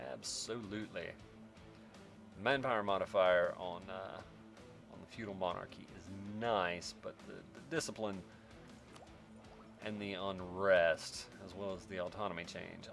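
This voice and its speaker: This let's-player mutters dry remarks to himself while playing a strategy game, breaking into sudden exasperated outbursts, with game music in the background. His deep voice is gravelly and fairly bright in tone.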